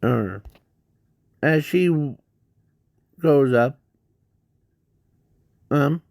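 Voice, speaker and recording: Guy rambling thru a fan story super slow, lots of ums, dry close sound. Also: on the high side, animated, gravelly, a little mellow, dry recording. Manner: halting, many restarts and fillers. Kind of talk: improvised fan story narration.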